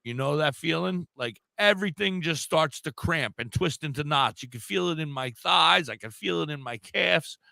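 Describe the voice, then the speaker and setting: An older man with a very gravelly, bright voice tells a rowdy story in a casual chat, animated and laughing as he goes. His voice sits a little high for a man. It is recorded close to the mic and sounds dry. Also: moderate pace, few pauses, no room sound. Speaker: podcast co-host.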